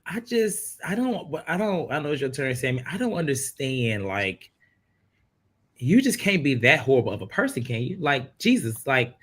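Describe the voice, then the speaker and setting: A man hosting a casual reality TV recap, retelling the drama in an animated, incredulous way. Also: mid-range voice, moderate pace, breathy edge.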